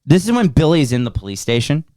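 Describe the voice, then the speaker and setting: A man's voice: on the high side, fast, dry recording, clean studio sound. A man hosting a casual podcast movie review, walking through the plot scene by scene. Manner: recaps the plot scene by scene, animated. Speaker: podcast host.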